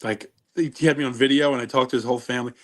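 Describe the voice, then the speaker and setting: Talking very fast in a mid-range voice with fairly even intonation, a middle-aged man who used to wrestle tells stories in a casual interview. He rambles and keeps cutting himself off mid-sentence.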